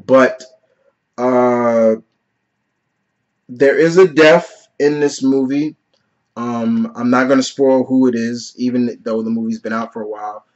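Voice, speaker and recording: A man in his thirties talks through a film in a casual vlog review, sincere and emotional. He rambles a little, leaning on "you know" and "like". His medium-pitched voice comes through a somewhat muffled, lo-fi recording. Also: steady tone, unhurried, pauses often, darkish tone. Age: 30s. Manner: earnest and openly emotional, peppered with "you know" and "like". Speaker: movie reviewer.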